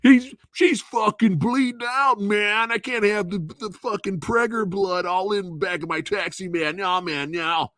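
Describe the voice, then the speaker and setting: A man's voice: high voice, fairly even intonation, a little slow, hardly any pauses, fairly bright tone, no room sound, clean studio sound, voice pushed up. A man voicing a callous, crude male taxi driver who swears and brushes people off. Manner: profane, dismissive.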